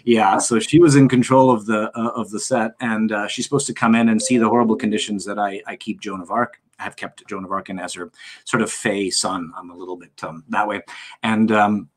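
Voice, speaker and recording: A man's voice: lowish voice, a little fast. A middle-aged man telling stories as a guest on a video call interview, acting out quotes as he goes. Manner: animated storyteller, acts out quotes. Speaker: guest actor. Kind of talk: casual interview chat.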